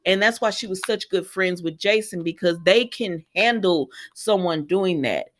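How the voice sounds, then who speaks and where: A woman's voice: on the low side, normal speed. A woman giving a casual, opinionated spoken recap of a soap opera episode. She talks loosely and chattily, with plenty of fillers and asides.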